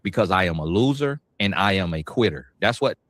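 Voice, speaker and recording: A man's voice: sits low, lively intonation, a little fast, no room sound. A man in a played clip lecturing with preachy, scornful commentary, repeating phrases for effect.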